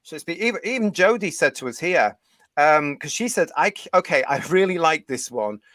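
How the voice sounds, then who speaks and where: A man's voice: fairly high pitch, expressive, fairly quick, fairly bright tone, no echo. A man from the United Kingdom hosting a live fan review show, reading viewer comments and ranting with strong opinions.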